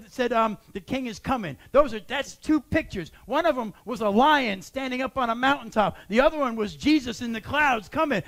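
A man who is a church pastor, preaching a sermon and building to shouted exhortations. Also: very high-pitched.

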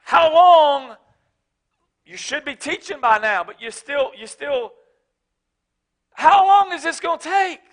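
A man preaching a sermon as pastor, swinging from shouted emphasis to low, joking asides. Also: animated, takes it slowly, long pauses. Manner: casual, joking, speaks of his wife.

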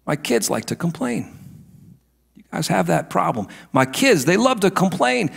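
A middle-aged male pastor preaching a sermon, moving between hushed asides and emphatic declarations. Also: sits high, big pitch swings, moderate pace, gravelly, husky.

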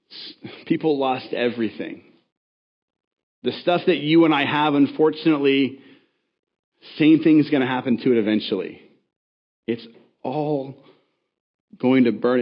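A male pastor delivers a sermon in a loose, conversational way, breaking off into asides and restarting phrases. His voice sits at an ordinary middle pitch, and the recording sounds a little dull and muffled. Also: normal speed, long pauses. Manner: conversational, self-correcting with asides.

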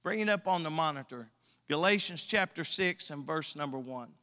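A male pastor preaching a sermon, emphatic and folksy, his loudness rising and falling. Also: on the high side, lively intonation, moderate pace. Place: church sanctuary. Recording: long church hall reverb.

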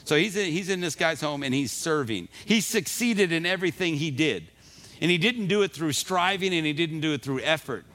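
Preacher guy, sermon, big swings in pitch, bright voice, acts out little voices in the story. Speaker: pastor. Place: church.

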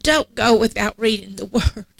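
A woman's voice: mid-range voice, normal speed, vocal fry, no echo. A middle-aged woman preaching a sermon in a church, emphatic and repetitive in cadence, tearful at times. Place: church sanctuary.

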